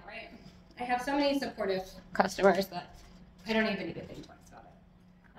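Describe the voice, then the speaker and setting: A young adult woman casually chatting through a tour of her houseplants at home, rambling and self-deprecating, talking loudly. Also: medium pitch, normal speed, pauses often, slight background noise. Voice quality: loud, yelling from audio trouble. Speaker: plant collector vlogger. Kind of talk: casual plant tour chat.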